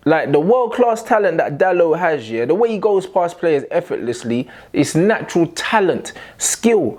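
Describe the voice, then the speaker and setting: A man giving a fan's match reaction rant, animated and full of slang and swearing. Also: a little high. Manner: animated slang-heavy ranting, swearing, "bruv" fillers. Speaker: football fan channel host.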